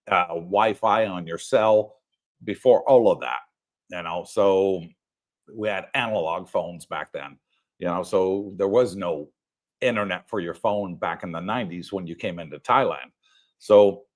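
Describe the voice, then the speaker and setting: Older guy, lowish voice, rambly casual livestream chat, laughs a lot. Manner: laughs often, rambling with fillers. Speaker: livestream co-host. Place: home livestream.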